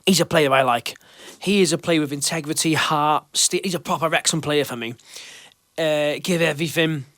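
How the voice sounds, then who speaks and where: The host of a fan show reads out questions and reassures his listeners in a chatty manner, restarting loosely now and then. His slightly high voice has a fairly bright tone and normal speed, recorded at studio quality with no room sound.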